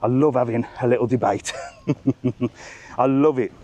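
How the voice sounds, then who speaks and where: A man hosting a live travel vlog, telling a story as an animated, swearing rant while walking outdoors. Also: medium pitch, measured pace, highs cut off. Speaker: travel vlogger, live stream host. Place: outdoors among bars and restaurants.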